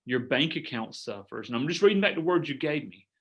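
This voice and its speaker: A middle-aged man coaching a group over a video call, earnest and animated, acting out sample sales conversations. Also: mid-range voice, brisk, muffled recording. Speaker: business coach. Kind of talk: coaching workshop talk.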